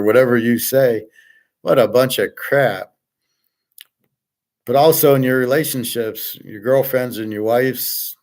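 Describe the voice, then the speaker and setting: A middle-aged man hosting his own show, talking in a blunt, self-assured, rambling monologue and often repeating words as he rants. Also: mid-range voice. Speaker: podcast host.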